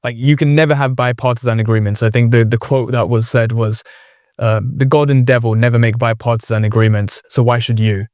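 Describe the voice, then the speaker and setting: A man hosts a podcast in a relaxed, casual conversation. He talks hesitantly, filling gaps with fillers while he searches for the right words. His pitch sits mid-range, and the sound is close and dry. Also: brisk, dry recording. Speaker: podcast host.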